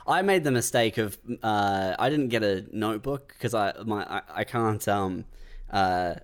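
A man co-hosting a comedy podcast, telling stories in a relaxed way with lots of stammered restarts. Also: fairly low pitch, unhurried. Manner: stammering restarts, laid-back storytelling. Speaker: podcast co-host and stand-up comedian. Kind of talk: casual comedy podcast banter.

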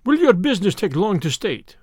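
A man reading aloud, voicing a cowardly, scheming Russian man who talks softly. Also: sits high, big pitch swings, brisk, dry recording, studio quality. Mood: silky. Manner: soft, silky, turning hysterical.

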